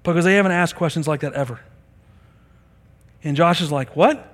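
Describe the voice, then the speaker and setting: A man preaching a sermon in a church service, telling stories with animated delivery and acting out the people in them. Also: a little high, brisk. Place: church sanctuary during a service. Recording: long reverb of a large hall.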